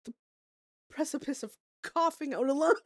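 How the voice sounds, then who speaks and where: A woman's voice: high voice, unhurried, no room sound, clean studio sound. Chatty, swearing young woman streamer. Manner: chatty, laughing, swears freely. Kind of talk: casual chat to stream viewers.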